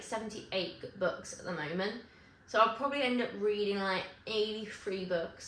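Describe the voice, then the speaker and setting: A woman vlogging to camera in casual chat, rambling and correcting herself with quick asides. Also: medium pitch, animated, bright, forceful tone, slight background noise. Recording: echoey room with faint ambience.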